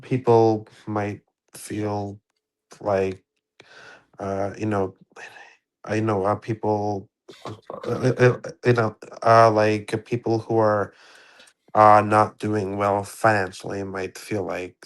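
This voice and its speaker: A man in casual political chat, halting and filler-heavy. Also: lowish voice, little pitch movement, clear, resonant tone.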